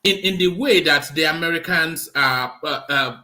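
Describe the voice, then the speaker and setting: A man's voice: on the high side, normal speed, bright, forceful tone. A man in a casual panel chat over a video call, who stammers with repeated restarts and laughs often.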